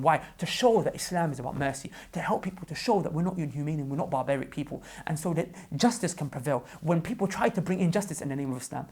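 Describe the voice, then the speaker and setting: A man's voice: on the high side, animated, very fast, hardly any pauses, darkish tone, husky. A man giving an impassioned vlog address as an online preacher, pleading fervently and often repeating himself.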